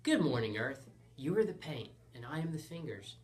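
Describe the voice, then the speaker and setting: A man voicing an eager, boastful schoolboy hero who speaks in grand, excitable declarations. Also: mid-range voice, normal speed, natural voice. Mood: grandiose.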